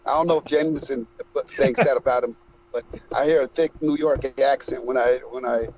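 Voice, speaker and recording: A man's voice: mid-range voice, fairly even intonation, fairly quick, darkish tone, dull audio, slight background noise. A man co-hosting a livestream, telling rambling personal anecdotes in casual chat. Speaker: livestream co-host.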